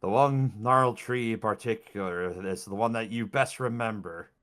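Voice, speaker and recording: A man narrating a tabletop game as dungeon master, describing scenes in an expressive way. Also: fairly low pitch, normal speed.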